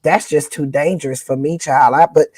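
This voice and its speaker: A woman's voice: low voice, moderate pace, breathy edge, dry recording, low-quality recording. Folksy country woman from northern Louisiana. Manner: folksy and animated, with old-fashioned country sayings. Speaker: podcast co-host. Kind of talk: casual chat.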